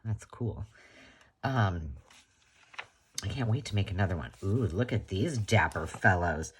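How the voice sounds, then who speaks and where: A woman's voice: extremely low pitch, animated, unhurried, slight background noise. A woman hosting a crafting channel, chatting casually and gushing as she unboxes a gift.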